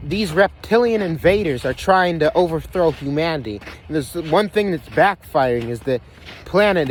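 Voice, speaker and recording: A man's voice: fairly high pitch, a little hiss or hum. A man ranting in a rambling, profane monologue, restarting sentences and repeating himself, recorded outdoors on a phone. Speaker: vlogger. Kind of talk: conspiracy monologue.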